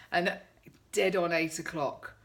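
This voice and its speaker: A woman's voice: fairly low pitch, fairly even intonation, slow. A middle-aged woman vlogging in a chatty, sarcastic way, telling her followers about her day. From England. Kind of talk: casual chat to camera.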